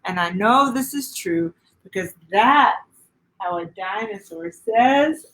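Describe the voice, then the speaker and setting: With a fairly high pitch, a middle-aged woman pastor gently reads a picture book to children in a sing-song style, pausing to ask them questions. The recording is rough.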